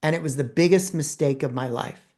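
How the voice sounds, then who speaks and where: A man quoting a hesitant young man who quietly confesses a long-held regret. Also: a little high, fairly quick, lightly acted. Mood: regretful.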